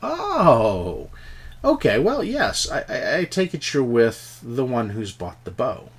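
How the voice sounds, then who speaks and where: A man's voice: medium pitch, huge pitch swings, slow, slightly rough, full character voice. A game master voicing a shrewd male weapons dealer who talks bluntly and insistently in a tabletop game. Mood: wry.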